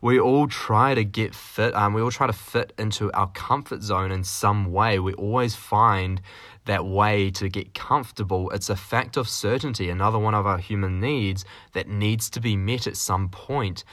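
Low, forceful man. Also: steady tone, normal speed, no echo, studio quality. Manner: rambling, with many fillers and restarts; jokey, with mild swearing. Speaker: podcast host. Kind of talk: solo podcast monologue.

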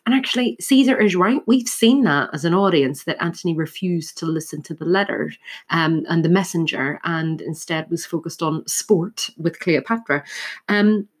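A woman's voice: lowish voice, normal speed, breathy edge. A woman teaching literature, talking through a play scene line by line with frequent fillers and restarts. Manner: thoughtful, many fillers and restarts.

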